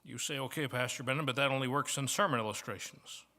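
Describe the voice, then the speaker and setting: A fast-talking guest preacher with a Midwestern American accent and a medium pitch tells stories in his sermon, shifting between soft asides and emphatic points. The recording carries the echo of the church banquet hall where he speaks.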